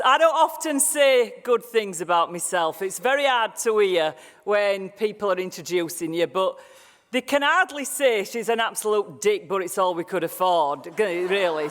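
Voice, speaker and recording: A middle-aged woman with a Yorkshire accent giving a motivational keynote speech on sales, blunt and jokey with mild cursing. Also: medium pitch. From Yorkshire, England. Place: large conference hall. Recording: reverberant conference hall.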